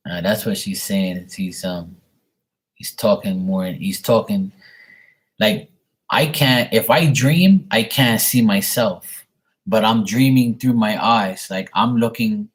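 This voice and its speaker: Young guy with a low voice doing a live tarot reading on webcam, lots of um and like. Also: slow pace. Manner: rambling, filler-heavy, relaying messages. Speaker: tarot reader. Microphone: webcam at desk.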